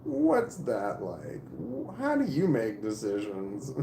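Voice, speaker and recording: A man talking casually to camera in a rambling, halting way, with restarts and swearing. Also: mid-range voice, huge pitch swings, gravelly, noisy background. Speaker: vlogger. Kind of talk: casual spoken monologue to camera. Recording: roomy echo.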